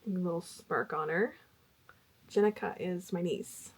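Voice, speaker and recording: A woman's voice: fairly low pitch, measured pace, husky. A middle-aged woman vlogging about crochet in a chatty, rambling way with fillers. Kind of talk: casual chat.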